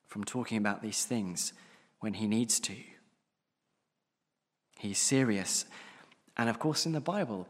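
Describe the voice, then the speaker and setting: A man's voice: on the low side, breathy edge, big-room sound. A man preaching a sermon in an earnest, emphatic way, often repeating key phrases for weight.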